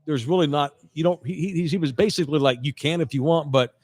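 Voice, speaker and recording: A man's voice: fairly high pitch, quick pace, no echo. A man hosting a podcast, telling a long story in casual chat, acting out both sides of the conversation with lots of restarts. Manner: animated storyteller quoting others, frequent restarts. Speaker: podcast host.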